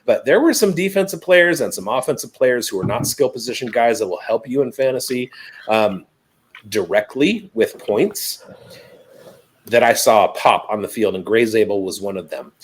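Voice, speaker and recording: Animated man talking fantasy football. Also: mid-range voice, normal speed, breathy edge, rough recording. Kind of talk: casual podcast chat.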